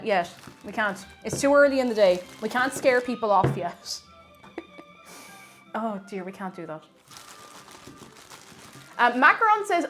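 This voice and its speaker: Lively chatty Irish woman cooking. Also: a little high. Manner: chatty, reads viewer comments aloud, playful asides. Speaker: cooking streamer. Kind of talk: casual live-stream chat while cooking. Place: home kitchen.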